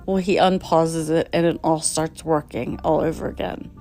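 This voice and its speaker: Animated, exasperated woman. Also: low voice, moderate pace, soft background music. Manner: animated, exasperated, acts out the dialogue. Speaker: podcast host. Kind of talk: casual storytelling.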